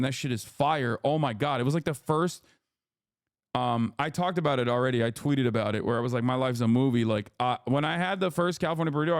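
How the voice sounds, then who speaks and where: A man's voice: medium pitch, no room sound, studio quality. A man hosting a livestream, telling a rambling, profane story in casual chat. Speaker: livestream host.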